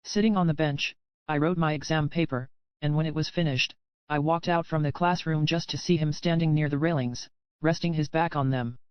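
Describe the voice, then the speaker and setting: A man reading a first-person romance audiobook in an even, measured way. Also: on the high side, clean tone, dry recording, dull audio. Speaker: audiobook narrator. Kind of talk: scripted first-person narration.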